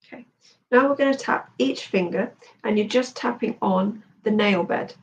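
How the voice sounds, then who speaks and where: A woman therapist and coach leading a guided tapping session, speaking slowly and soothingly as she gives instructions. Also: medium pitch, distant mic, slight background noise, low-quality recording.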